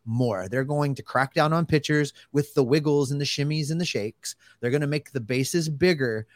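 A man co-hosting a sports podcast, talking casually in an animated, joking way. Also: fairly high pitch, normal speed, no echo, clean studio sound. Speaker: podcast co-host.

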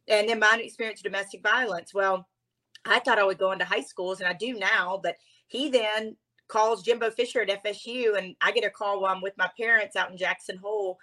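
Woman guest on a podcast interview, emotional, animated storytelling, mid pitch. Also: a little fast. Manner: heartfelt, animated, near tears at times.

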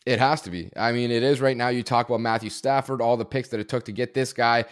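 Fast-talking man analyzing football. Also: medium pitch, fairly even intonation, clear, resonant tone, no room sound, clean studio sound. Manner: fast, emphatic, frequent fillers. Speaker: podcast guest analyst. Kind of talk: casual sports discussion.

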